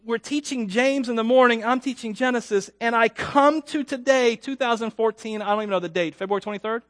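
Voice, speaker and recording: A high-pitched man preaches to his congregation in a chatty, self-deprecating way. He pushes certain words loud and lets others drop quiet, often turning to ask the people questions. The sound is dry and close, with no room echo. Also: a little fast. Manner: swings between loud emphatic peaks and quiet dropped endings. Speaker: pastor. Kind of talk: sermon.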